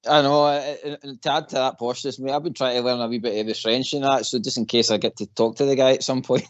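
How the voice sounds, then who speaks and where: A man's voice: medium pitch, steady tone, quick pace, lo-fi sound. A man co-hosting a radio phone-in, talking in an earnest, self-mocking way. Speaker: co-host. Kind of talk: casual radio chat.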